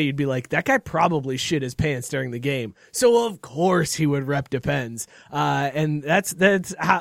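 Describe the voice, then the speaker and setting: A man hosting a casual sports podcast, telling stories in a joking, animated way with frequent laughs. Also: a little high, dry recording, clean studio sound. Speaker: podcast host.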